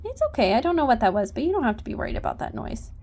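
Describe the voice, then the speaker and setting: A woman's voice: on the high side, sing-song, very fast, darkish tone. A woman horse trainer giving casual instruction, chatty and coaxing as she talks to her horse.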